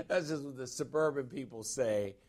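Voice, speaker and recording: A man's voice: medium pitch, sing-song, a little slow. A middle-aged man from Chicago preaching a sermon as a pastor-teacher, emphatic and asking his congregation direct questions. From Chicago, USA.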